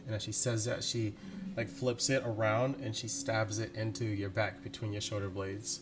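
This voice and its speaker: A man narrating as game master in a tabletop game, in a slow, deliberate way with frequent laughs. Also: fairly low pitch, level tone.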